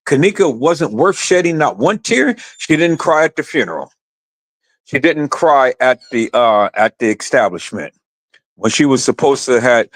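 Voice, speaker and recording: A man, ranting on his live stream with lively pitch that swings up and down. He repeats phrases and keeps calling out to his viewers. His voice sits in a middle register. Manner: impassioned, repetitive, addresses viewers as "peoples".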